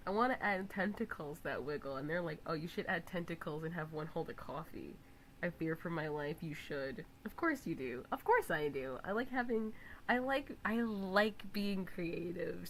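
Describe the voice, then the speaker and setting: A woman's voice: fairly low pitch, lively intonation, a little slow, a little hiss or hum, rough recording. Chatty young woman streamer, teasing. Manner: chatty, teasing, laughs loudly. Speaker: live streamer. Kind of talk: casual stream chat.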